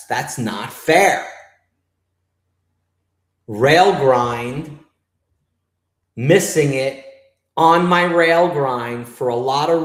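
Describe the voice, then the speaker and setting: A man who grew up in New York runs a live trading stream, cursing and complaining as he narrates his screen to viewers. He talks at an unhurried, drawn-out pace, and his voice rings a little in a roomy space. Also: mid-range voice. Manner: profane, griping, talks to chat. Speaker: livestream trader host.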